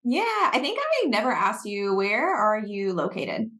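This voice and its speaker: A chatty woman with a Southern US accent hosts a nutrition podcast, upbeat and conversational. Her voice sits at a middle pitch and sounds dry and close to the mic. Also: wildly swooping pitch, a little slow, bright, forceful tone, no room sound. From South Carolina. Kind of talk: podcast interview.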